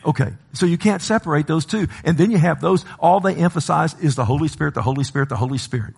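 Calling out to his congregation, a passionate preacher alternates between loud exhortations and slow, low moments of emphasis. He has a gravelly, husky voice.

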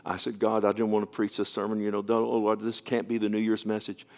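A man who is a pastor, preaching a sermon and telling a story, often falling to a soft, near-whispered voice with stammering restarts. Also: fairly low pitch, completely flat delivery, quick pace.

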